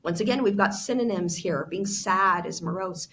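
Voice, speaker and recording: A woman's voice: mid-range voice, moderate pace, creaky, fairly bright tone. A woman teacher explaining vocabulary during a classroom read-aloud, addressing students directly.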